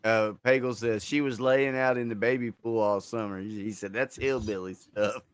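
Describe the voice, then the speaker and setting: A man's voice: on the low side, fairly even intonation, moderate pace, smooth. A man co-hosting a live stream in laid-back casual chat, often agreeing and chuckling along. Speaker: stream co-host.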